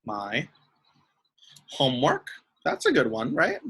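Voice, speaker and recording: Bright, lively male teacher for little kids. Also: medium pitch, slightly rough, poor audio. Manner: sing-song, speaks slowly and sweetly to small kids. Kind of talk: online lesson for young children.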